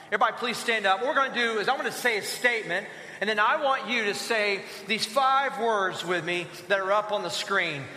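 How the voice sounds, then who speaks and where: A man preaching from the pulpit, his voice high and strikingly bright and ringing. He leads the congregation in rousing call-and-response. The sound carries a long, roomy reverb from a large church hall. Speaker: pastor. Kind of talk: sermon. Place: church sanctuary.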